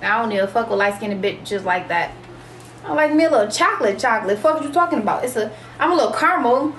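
Brash high-voiced woman hosting a livestream. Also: lively intonation, quick pace, fairly bright tone, slight background noise. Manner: brash, boastful and profane, addressing viewers. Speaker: livestream host. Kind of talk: casual livestream chat.

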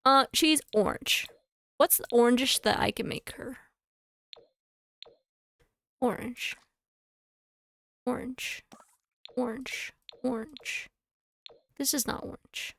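Woman streamer, chatty and thinking aloud, a bit high-pitched, dry mic. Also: a bit bright, dry recording. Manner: chatty, thinks aloud, quick asides and laughs. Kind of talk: casual live-stream chatter while playing a game.

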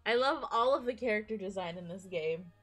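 A woman streaming a game live, giggling often and swearing casually in excitable commentary. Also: medium pitch, brisk, faint music behind.

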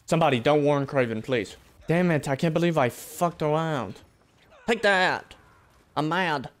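A man's voice: a little high, unhurried. Brash young man joking over gameplay. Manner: brash, joking, swears often, talks back to the game. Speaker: gaming video host. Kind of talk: casual gameplay commentary.

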